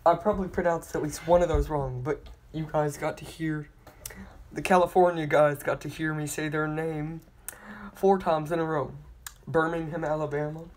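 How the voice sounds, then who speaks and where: A channel host slowly reading out a long list of place names, stumbling on hard ones, retrying them and apologizing for mispronouncing. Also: medium pitch, steady tone, a little mellow, a little hiss or hum. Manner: apologetic about pronunciation.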